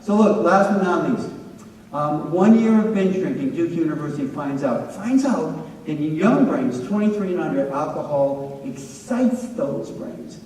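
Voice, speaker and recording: A man giving a lecture with anecdotes at a staff training, an energetic, animated storyteller who acts out quotes. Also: fairly high pitch, measured pace, a little hiss or hum. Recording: echoey hall, distant mic.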